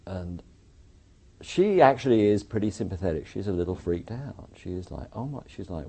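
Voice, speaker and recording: A man's voice: low-pitched, normal speed, gravelly, breathy edge. A man with an English accent, an architect interviewed about his experiences, telling his story casually and acting out what others said. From England. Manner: animated retelling, acts out quoted voices.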